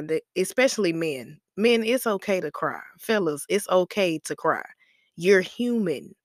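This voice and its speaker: A woman's voice: lowish voice, expressive, a little slow, dry recording, clean studio sound. A woman hosting a casual motivational podcast, chatty and emphatic, with slangy asides, calling listeners "baby" and laughing at herself. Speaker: podcast host.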